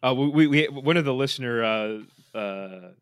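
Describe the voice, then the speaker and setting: A man's voice: mid-range voice, moderate pace, smooth, no room sound. Rambling male podcast co-host, dry sound. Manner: rambling, many fillers and restarts. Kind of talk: casual sports chat.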